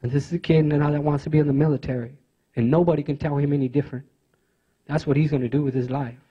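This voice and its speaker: A man giving a speech at a conference, telling personal stories in an earnest, halting way with many fillers and restarts. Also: on the high side, steady tone, husky, highs cut off. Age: adult father of teenage sons. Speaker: conference speaker.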